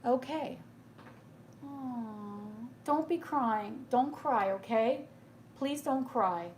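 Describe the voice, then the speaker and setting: A woman with a slightly high voice gives a gentle, reassuring tarot reading, often pausing to ask "okay?". She sounds tearful and emotional, her voice soft and consoling. A faint background noise sits behind her. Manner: soothing, reassuring, keeps asking "okay?". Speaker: tarot reader. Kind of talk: live tarot reading to viewers.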